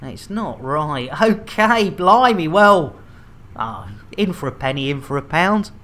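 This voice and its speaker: A man's voice: a little high, sing-song, slow pace, a bit bright. A man chatting to viewers while streaming a space game, jokey and chatty. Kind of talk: casual game streaming chat.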